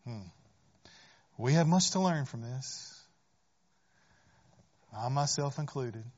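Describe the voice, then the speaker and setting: A man's voice: medium pitch, animated, slow, darkish tone. A man preaching a sermon in an earnest manner, often rising into fervent pleas and asking "right?". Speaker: pastor. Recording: dull lo-fi recording.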